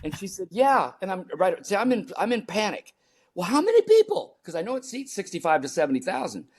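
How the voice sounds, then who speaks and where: Animated older American man telling stories. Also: sits high, fast talker. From United States. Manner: animated storyteller, acts out his own panicked voice. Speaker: guest, performance coach. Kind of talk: storytelling interview talk.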